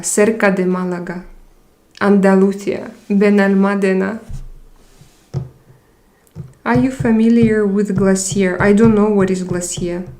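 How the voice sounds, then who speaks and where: A young woman from Russia hosts a casual live stream chat, reading viewer comments aloud and responding to them. Her voice is medium in pitch and a little mellow.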